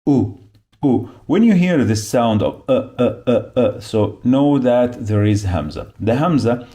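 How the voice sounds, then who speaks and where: A man's voice: mid-range voice, expressive, measured pace, mellow. A man giving a beginner phonics lesson, repeating each sound and syllable patiently as he explains the marks. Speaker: Arabic teacher.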